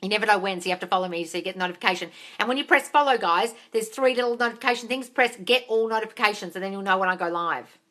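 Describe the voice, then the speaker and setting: A woman hosting a live Q&A, reading viewer comments aloud with excitable, gushing energy, swearing casually and calling viewers darling. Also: medium pitch, racing, hardly any pauses. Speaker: manifestation coach and live-stream host.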